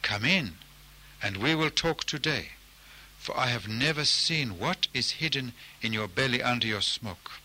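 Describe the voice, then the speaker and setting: A man voicing a grumpy, bullying male hippo in a storybook tale, speaking gruffly and dismissively. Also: mid-range voice, lively intonation, measured pace, bright, forceful tone, full character voice. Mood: fearful.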